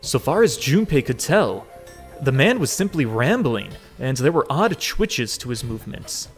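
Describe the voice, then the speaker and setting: A man playing a game and reading its text aloud, with casual, expressive commentary and swearing asides. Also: mid-range voice, a little slow, faint music behind. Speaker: let's play gamer.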